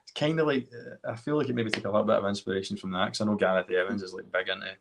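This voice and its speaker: Male host, low-pitched, enthusiastic casual chatter. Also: fairly even intonation, very fast. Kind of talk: casual chat. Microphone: video call.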